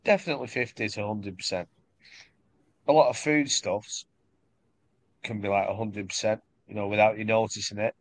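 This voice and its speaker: A man's voice: lowish voice, moderate pace, pauses often, dry recording. Joking Northern English man, dry sound. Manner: crude, joking, laughs often. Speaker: podcast co-host. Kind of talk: casual chat.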